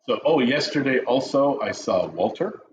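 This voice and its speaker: A man's voice: medium pitch, lively intonation, normal speed, a little hiss or hum. A middle-aged man co-hosting a casual coffee chat, joking around and telling stories with lots of animation. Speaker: co-host of a real estate chat show. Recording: dull lo-fi stream audio.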